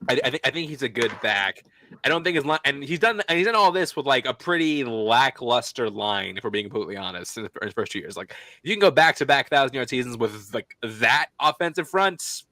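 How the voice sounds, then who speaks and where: A young man with a bright, ringing voice chats about football as the host. He rambles through his points with frequent fillers and restarts, recorded close and dry. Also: medium pitch, animated, brisk, dry recording. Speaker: podcast host. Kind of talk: casual sports chat.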